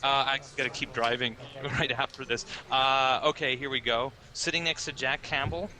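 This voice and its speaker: A man with a very bright, forceful tone, speaking at a middling pitch. He co-hosts a casual podcast and tells stories in a chatty, easygoing way. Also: fairly even intonation, normal speed. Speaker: podcast co-host on a trip.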